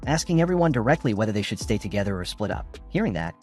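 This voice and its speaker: Lively male recap narrator over music. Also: lowish voice, fast talker. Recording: faint background music.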